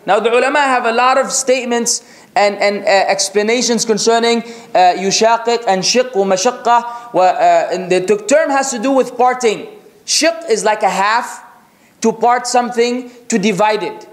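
A man preaching a religious lecture, reciting Arabic scripture rapidly and asking rhetorical questions. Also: very high-pitched, roomy sound. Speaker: Islamic preacher.

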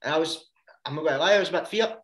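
A Scottish man chatting casually, laid-back and joking, with swearing sprinkled through. His voice sits a bit higher than most men's, and the room around him adds a noticeable echo. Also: racing, fairly bright tone. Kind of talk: casual chat.

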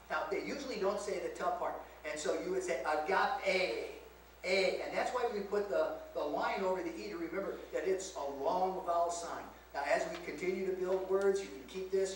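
A man preaching a teaching sermon to a congregation, asking them rhetorical questions as he explains scripture. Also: high-pitched. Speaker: pastor teaching a Bible lesson. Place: church sanctuary. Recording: very echoey church, mic far off, faint hiss.

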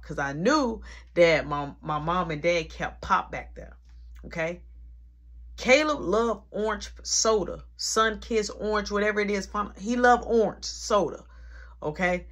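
A young adult woman telling a personal story in an animated, dramatic, slangy way. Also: medium pitch, measured pace. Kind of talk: casual storytime.

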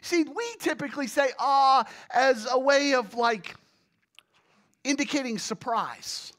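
Pastor, sermon, slow delivery, bright and forceful tone, hushed lows, loud exclaiming peaks. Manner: swings from hushed, low passages to loud, exclaiming emphasis; illustrates with everyday examples and acted groans.

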